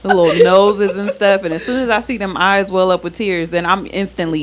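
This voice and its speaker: A woman's voice: mid-range voice, a little fast. A woman in her thirties co-hosting a podcast, telling stories in a casual, laughing way. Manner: laughing, animated storytelling. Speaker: podcast co-host. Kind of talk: casual chat.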